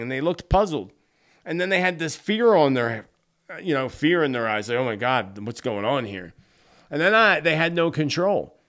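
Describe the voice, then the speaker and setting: With a voice that leans high and a bit bright, the psychic host earnestly tells his viewers what he foresees, repeatedly calling them "friends" in this solo talk to camera.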